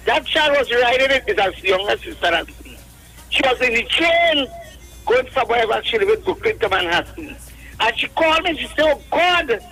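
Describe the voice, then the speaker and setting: A man's voice: very high-pitched, bright, forceful tone, poor audio. Preachy Trinidadian man calling in. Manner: preachy, rambling, quotes scripture. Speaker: radio call-in caller. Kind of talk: impassioned call-in talk.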